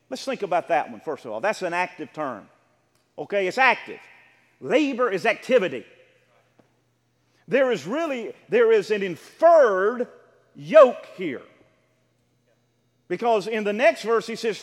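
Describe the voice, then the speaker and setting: A man preaching a sermon, swinging between quiet explanations and loud, emphatic repeated phrases. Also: high-pitched, big pitch swings, unhurried, long pauses. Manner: rising to loud emphatic repetition; drops to quiet explaining asides. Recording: long reverb of a large hall.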